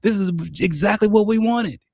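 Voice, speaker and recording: A man doing a shrill, sarcastic mock voice. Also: normal speed, darkish tone, no room sound, clean studio sound. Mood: smug. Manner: sarcastic, exaggerated whine. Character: mocking grown man, shrill and indignant.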